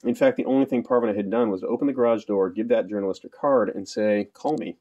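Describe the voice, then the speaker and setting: A man reading an audiobook aloud. His telling is dry and understated, and it moves at a quick pace. His voice is low, with a dark, mellow tone. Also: steady tone, muffled recording. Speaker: audiobook narrator. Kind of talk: scripted narration.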